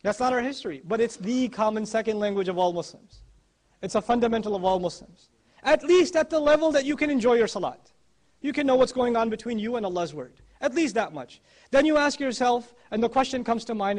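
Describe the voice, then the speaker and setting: A man's voice: very high-pitched, lively intonation, a little fast, a little mellow. A man giving a religious talk, emphatic and repeating his key phrases for weight. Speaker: Islamic speaker.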